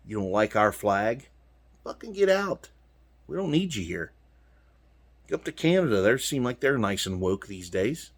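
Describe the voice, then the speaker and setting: A man's voice: fairly low pitch, breathy edge. A man from the United States, ranting to his viewers in a heated, profane way from inside his truck. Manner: swearing, heated, punchy. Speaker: vlogger talking to his viewers. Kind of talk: profane angry rant.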